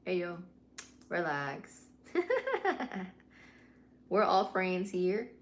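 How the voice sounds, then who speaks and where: Lowish-voiced woman chatting on a livestream. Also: steady tone, normal speed. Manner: mixes english and spanish, swears freely, candid. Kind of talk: casual livestream chat. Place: home at night.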